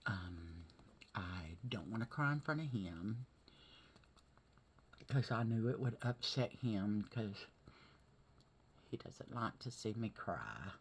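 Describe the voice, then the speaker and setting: A woman talking through a hard day in a vlog, teary and halting, often asking "okay?" and sometimes dropping to a whisper. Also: rumbling low, a little hiss or hum. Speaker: vlogger. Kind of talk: emotional personal vlog.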